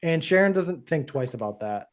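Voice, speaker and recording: A man with a slightly higher voice hosts a podcast recap in a studio. He tells the story with lively energy and jumps into quick voices for each character as he goes. It is casual, chatty storytelling. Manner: animated storyteller who acts out character lines. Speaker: podcast host.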